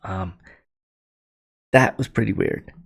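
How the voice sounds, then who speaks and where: A man's voice: fairly low pitch, slow pace. A man telling a spooky story to camera in a casual, rambling, conversational way. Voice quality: gravelly.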